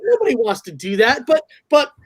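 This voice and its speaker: A man's voice: very high voice, big pitch swings, brisk, slightly rough. A man hosting a livestream, firmly addressing his chat. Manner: firm, addressing the chat directly. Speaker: host.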